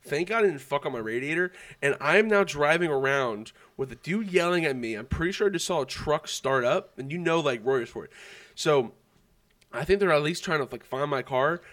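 A man's voice: a little high, a little fast. Young guy rambling through a story, cussing a lot, likes "like". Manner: animated, swearing storytelling with lots of fillers. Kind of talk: casual chat.

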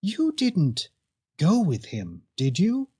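A man's voice: high-pitched, huge pitch swings, slow, slightly rough, voice pushed up, heavily acted. A man doing a timid, whispering assistant girl. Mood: timid, hushed. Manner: hushed, hesitant.

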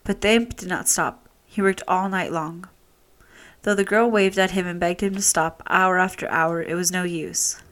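A woman reading a fairy tale aloud, steady and expressive in her telling. Her voice sits a little low for a woman. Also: normal speed. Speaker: storyteller.

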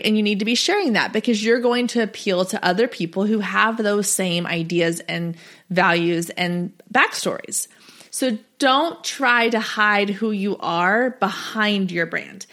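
A woman's voice: mid-range voice, measured pace, a bit bright. A woman in her thirties hosting a solo podcast, coaching small business owners in a chatty, direct and encouraging way.

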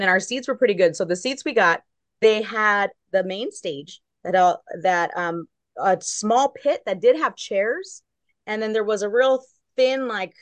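Woman, casual storytelling, lively quotes, dry close sound. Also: medium pitch, dry recording. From Long Beach, California. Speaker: guest correspondent. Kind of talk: casual chat.

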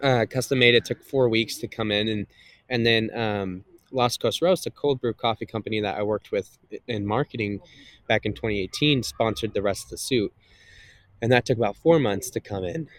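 A man's voice: lowish voice, normal speed, fairly bright tone, dry recording. A man, a guest and content creator, chatting casually in an interview with a slightly nasal voice, rambling with many fillers and restarts.

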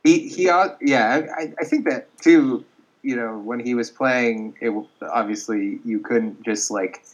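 A man in casual sports chat, measured and steady, reading out statistics. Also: medium pitch. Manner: measured, reads out stats.

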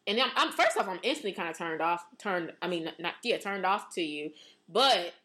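Animated young woman, bright slangy podcast chat. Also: lowish voice, normal speed. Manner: animated, slangy, acts out quoted reactions. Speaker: podcast co-host. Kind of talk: casual chat.

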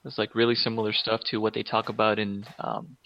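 A man's voice: on the low side, completely flat delivery, brisk. Rambling man, dull lo-fi recording. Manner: rambling, enthusiastic, many fillers. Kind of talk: casual chat.

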